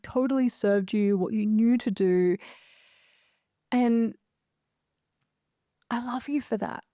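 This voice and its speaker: A woman, hosting a casual solo podcast as a coach, animated and emphatic, swearing freely and often asking "right?". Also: medium pitch, no echo, studio quality.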